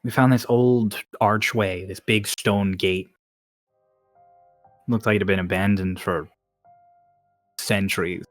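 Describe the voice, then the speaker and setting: A blunt, easygoing Cockney woman, voiced by a man running a tabletop game, tosses off her story in clipped street slang. Her voice sits a touch high and lively over faint background music, recorded dry and close. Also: slow, long pauses, no room sound. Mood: offhand.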